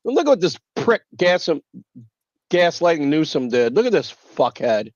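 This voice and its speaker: A man's voice: a little high, very animated, moderate pace, no echo, muffled recording. A man hosting a livestream, ranting bluntly and swearing constantly. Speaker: livestream host. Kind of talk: casual livestream rant.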